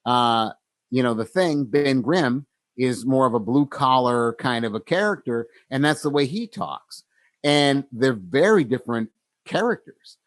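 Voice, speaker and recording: A man's voice: mid-range voice, lively intonation, measured pace, no room sound. A man co-hosting a casual podcast, talking reflectively with many fillers and restarts. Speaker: podcast co-host.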